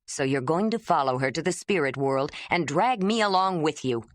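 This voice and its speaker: A woman's voice: deep voice, lively intonation, normal speed, no echo. A woman voicing an injured, protective older brother who pleads earnestly in an audiobook. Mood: pleading. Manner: pleading, urgent.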